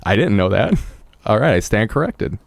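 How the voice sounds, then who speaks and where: A man guesting on a podcast, telling stories in casual chat with an animated manner and plenty of casual swearing. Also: on the low side, moderate pace, creaky, no room sound.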